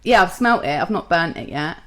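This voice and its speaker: A woman's voice: lowish voice, animated, a little fast, pushed and bright. A young woman co-hosting a podcast in casual, jokey chat, swearing freely and laughing often. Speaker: podcast co-host.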